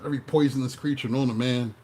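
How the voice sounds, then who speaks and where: A man talks through a tarot reading in a casual, profane way, wandering off into comic stories. His voice sits at an ordinary middle pitch. A faint hum of noise runs underneath. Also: steady tone, quick pace, warm tone. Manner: profane, joking, digressive storytelling. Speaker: tarot reader.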